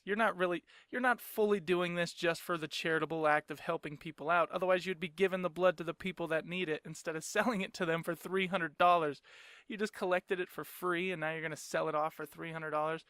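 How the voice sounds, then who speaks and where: A man's voice: fairly high pitch, fairly bright tone, dry recording, clean studio sound. A young man hosting his own podcast, ranting in a sarcastic, profane way and laughing often. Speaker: podcast host. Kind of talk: casual solo rant.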